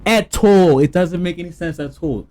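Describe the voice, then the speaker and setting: A man's voice: high voice, normal speed, slight background noise. A young South African man with a South African accent, hosting a reaction video and giving blunt, slangy commentary on the clip. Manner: blunt, slangy, animated, talks back at the clip.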